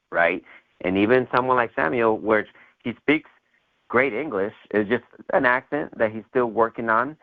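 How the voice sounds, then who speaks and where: Low-voiced man hosting a sales call. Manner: rambling, many fillers and "right?" tags. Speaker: host. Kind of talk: motivational sales call interview. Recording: tinny phone line.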